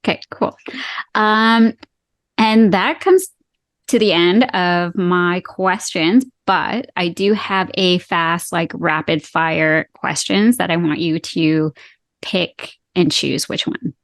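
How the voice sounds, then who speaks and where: A woman's voice: lowish voice, slow pace, no room sound. A woman in her thirties from Canada hosting a casual podcast interview, chatty and encouraging, laughing easily. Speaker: podcast host.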